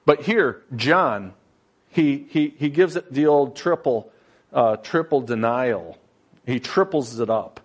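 A man preaching a sermon in a slow, conversational style, often pausing on fillers and building to emphatic, rising passages. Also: medium pitch, expressive. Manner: plain storytelling with frequent fillers.

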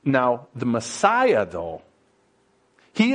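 A man preaching a sermon in a slow, conversational style, often pausing on fillers and building to emphatic, rising passages. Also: medium pitch. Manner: plain storytelling with frequent fillers.

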